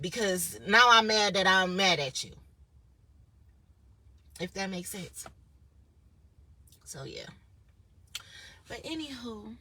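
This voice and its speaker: A woman's voice: mid-range voice, lively intonation, takes it slowly, long pauses, bright, forceful tone. A young woman talking straight to a phone camera in a casual vlog, blunt, profane and rambling. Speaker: vlogger.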